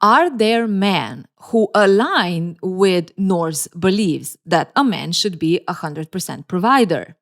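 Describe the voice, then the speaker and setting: A woman's voice: fairly low pitch, expressive, slow pace, hardly any pauses. A woman giving casual relationship commentary for a video, sarcastic and teasing, with frequent laughs and playful asides.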